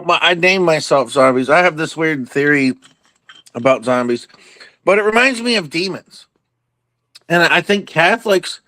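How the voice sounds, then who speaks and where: Rambly excited guy, kinda high voice, dry sound, lots of restarts and "like". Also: no echo. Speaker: participant in an open Q and A. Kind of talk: rambling casual chat.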